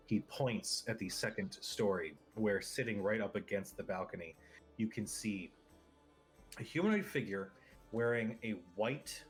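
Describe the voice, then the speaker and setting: A man's voice: fairly low pitch, a little slow, faint music behind. A man narrating a tabletop game as game master, casual and rambling.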